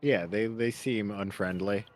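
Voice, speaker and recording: A man with a fairly low voice runs a tabletop game as its game master. He gives quick, easygoing rulings and answers with a lot of casual uh-huhs. Faint music plays softly behind him. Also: fairly even intonation.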